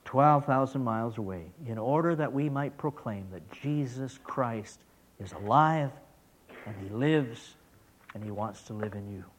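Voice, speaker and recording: A middle-aged man preaching a sermon as a missionary, telling a story and asking rhetorical questions, swinging from loud emphasis down to hushed whispers. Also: medium pitch, unhurried.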